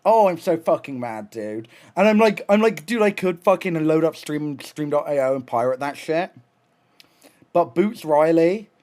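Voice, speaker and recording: A young man with a voice on the high side chats on a live stream. He's excitable and rambling, swearing often and frequently restarting what he's saying.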